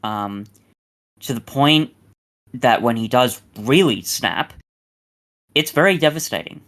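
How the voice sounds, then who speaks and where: Casting: mid-pitched male podcast host, measured and thoughtful, hedges his points. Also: fairly bright tone. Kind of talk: casual podcast chat.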